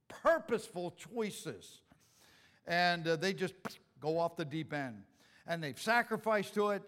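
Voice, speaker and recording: A man's voice: high-pitched, in a large hall. A man preaching a sermon in a casual, joking way, acting out the lines he quotes. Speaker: pastor.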